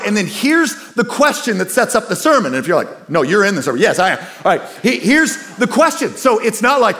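A man preaching a sermon with a lively, swooping delivery that climbs high when he presses a point. He sits a bit above the usual pitch for a man and talks to the congregation in a casual, conversational way. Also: fairly quick. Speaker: pastor.

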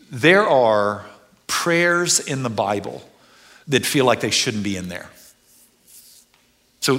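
Male pastor, sermon delivery, conversational, swings from hushed to loud and emphatic. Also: mid-range voice. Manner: conversational, with restarts and asides.

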